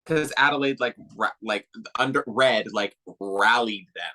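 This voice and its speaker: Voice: medium pitch, a little slow, bright, forceful tone. A podcast co-host on a casual movie review show, chiming in with wry quips.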